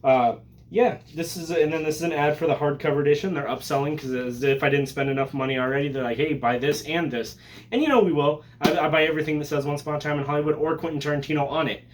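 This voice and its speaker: A man hosting a casual vlog, excitable and joking, with profanity and sudden loud bursts. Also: on the high side, very fast, slight background noise. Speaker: collector vlogger.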